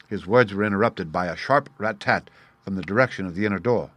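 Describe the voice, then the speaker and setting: A man reading a classic detective story aloud as narrator, in a measured, even manner. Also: sits low, no echo. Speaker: audiobook narrator. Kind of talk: scripted narration.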